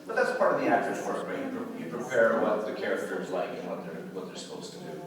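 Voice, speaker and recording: A man's voice: on the low side, huge pitch swings, fast talker. Canadian male guest actor, chatty and playful, heard from afar in a big reverberant hall with the audience murmuring. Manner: chatty, restarts often, playful. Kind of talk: casual Q&A on stage. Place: large convention hall. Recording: echoey hall, distant mic, crowd.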